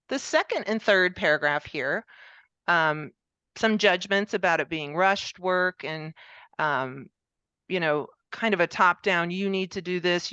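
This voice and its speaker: A woman with a lower, smooth, clear voice gives a pre-recorded conference presentation. She explains her points steadily, with the odd "um" along the way. The sound is dry and a little dull. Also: pushed and bright, dry recording.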